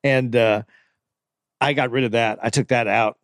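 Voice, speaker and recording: A man in relaxed casual conversation, speaking offhand and swearing casually. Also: medium pitch, moderate pace, no room sound, clean studio sound. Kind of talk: casual chat.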